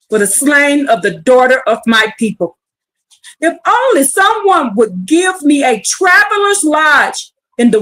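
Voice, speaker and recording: A woman with a high, bright-pitched voice reads scripture on a livestream. She breaks into blunt, fiery, profane commentary and presses her listeners with pleading rhetorical questions. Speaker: scripture teacher. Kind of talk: livestreamed Bible reading with commentary.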